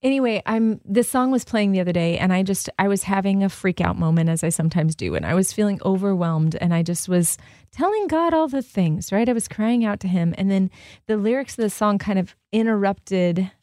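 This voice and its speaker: Expressive woman radio co-host, dry sound. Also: medium pitch, fairly quick, dry recording. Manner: expressive, laughs easily. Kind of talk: casual radio chat. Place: radio studio. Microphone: studio microphone.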